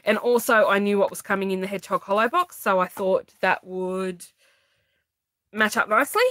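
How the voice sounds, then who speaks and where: A woman's voice: medium pitch, normal speed, pushed and bright, dry recording, low-quality recording. Chatty woman showing off a craft haul. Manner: chatty, laughs easily, teasing. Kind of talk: casual chat.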